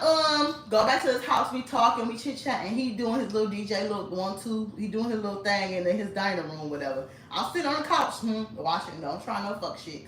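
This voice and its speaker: A blunt, chatty woman vlogger tells casual stories with frequent swearing and laughter. Her voice is medium in pitch and a bit bright, recorded in an echoey room with the mic at a distance and slight background noise.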